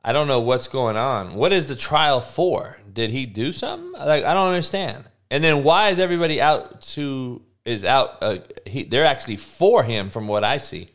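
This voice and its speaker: A man's voice: mid-range voice, animated, normal speed, hardly any pauses, a bit bright. A young man hosting a livestream, ranting loosely in slangy, profane casual talk and answering viewers. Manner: loose slangy rants with swearing and laughs. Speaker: livestream host.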